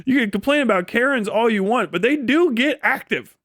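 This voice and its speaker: A man's voice: extremely high pitch, animated, fairly quick, a bit bright, dry recording, studio quality. A man from Ohio ranting in a heated, profane, laughing style on a casual live stream. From Ohio, USA.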